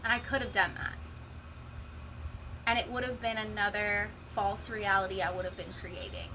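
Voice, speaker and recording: A woman's voice: medium pitch, steady tone, moderate pace, noisy background. A woman telling her own story in a candid, emotional monologue, swearing freely. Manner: raw, profane, emotional storytelling. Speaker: vlogger sharing a personal story.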